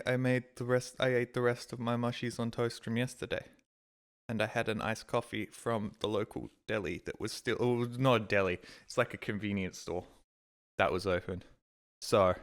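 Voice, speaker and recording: A young Australian man, a streamer, telling a story in a casual chat and acting out his own reactions. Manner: animated, acts out his own reactions with big jumps in pitch.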